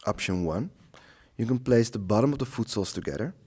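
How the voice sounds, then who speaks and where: A man teaching a slow yoga class, guiding the poses and the breath in a calm, soothing way with long pauses. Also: on the low side, husky. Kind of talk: guided yoga instruction.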